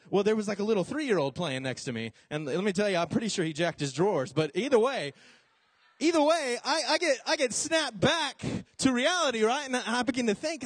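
High-voiced joking young preacher. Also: male voice, no room sound. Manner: animated, jokey, acts out voices in quotes. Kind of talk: casual storytelling sermon.

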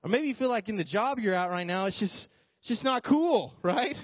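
A young man preaching a casual, storytelling sermon, animated and jokey, acting out voices as he tells it. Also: sits high, normal speed, no room sound.

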